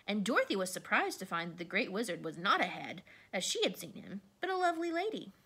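A woman reading a children's storybook aloud with expressive delivery. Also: quick pace, slightly rough. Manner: expressive, varies pitch. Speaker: narrator.

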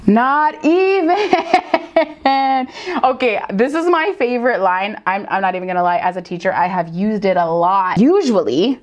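On dull-sounding audio, a woman teacher with a mid-range voice gives casual reaction commentary. She's animated and dramatic, dropping into quick put-on voices.

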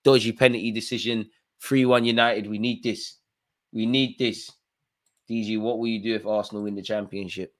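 Excitable man shouting at a live match. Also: lowish voice, normal speed. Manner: excitable, shouts at players, slangy. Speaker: football watchalong host. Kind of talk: live match commentary and banter.

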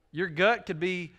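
A man's voice: sits high, pushed and bright, muffled recording. A male pastor, preaching a sermon in a folksy, joking, conversational way. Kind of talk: sermon with personal stories.

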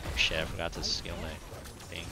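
A man's voice: low voice, completely flat delivery, a little fast, vocal fry, loud music behind the voice. A man casually commenting while playing a game, joking with his chat. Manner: laid-back, joking, talks to chat. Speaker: streamer.

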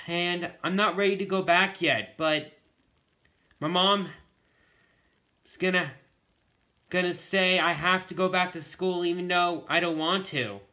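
A man's voice: high voice, fairly even intonation, unhurried, long pauses, bright, forceful tone. A male vlogger talking casually to the camera, rambling and repeating himself as he keeps addressing his viewers.

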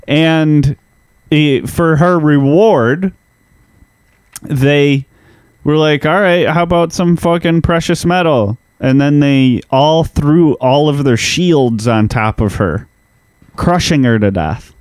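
A man's voice: fairly high pitch, slow pace, a little mellow, smooth, no room sound. A man co-hosting a podcast in casual comedic chat, telling the story in a laid-back way and swearing casually. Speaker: podcast co-host.

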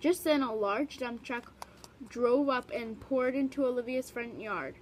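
A woman reading a children's picture book aloud in a lively storytelling way, with short remarks about the pictures between passages. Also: on the high side, measured pace, a little hiss or hum. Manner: animated read-aloud, brief asides about the pictures. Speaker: storybook reader.

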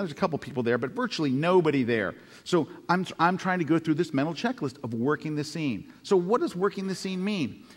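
A man's voice: a little high, big-room sound. A man teaching photography by telling a story, acting out his own thoughts with self-mocking humor. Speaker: photography instructor. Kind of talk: storytelling lesson over photo slides.

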